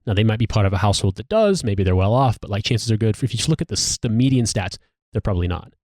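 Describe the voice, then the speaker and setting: A man's voice: on the low side, animated, fast, darkish tone, no room sound, studio quality. An American man hosting a podcast, talking in casual, profane, ranting commentary. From United States. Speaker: podcast host.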